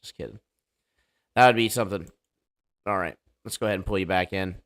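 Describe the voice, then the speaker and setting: A man's voice: low voice, a little fast, fairly bright tone. A man hosting a casual livestream debate show, talking loosely and joking as he sets things up. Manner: loose, joking, hype-style banter.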